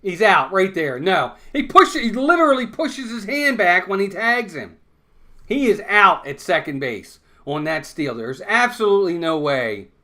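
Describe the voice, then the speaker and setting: A man's voice: high-pitched, sing-song, unhurried, bright, forceful tone. A man hosting a fan watch-along stream, calling baseball play-by-play and insisting on his points over and over.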